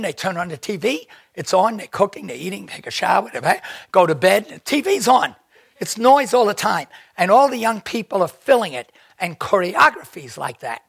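Older man with a gravelly, high voice. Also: no room sound, studio quality. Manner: animated, acts out quoted voices; digressive, rambling. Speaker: interviewee. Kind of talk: storytelling anecdote.

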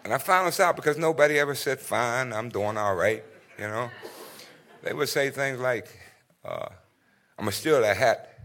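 A middle-aged man giving a speech to an audience, telling anecdotes with many "uh" pauses and acting out bits of other people's dialogue. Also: mid-range voice, pushed and bright. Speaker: guest speaker.

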